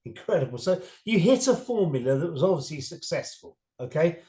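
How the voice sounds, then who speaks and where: A man's voice: on the high side, big pitch swings, normal speed, dark tone. A man interviewing, asking short questions and adding brief encouraging remarks. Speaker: interviewer, charity chairman.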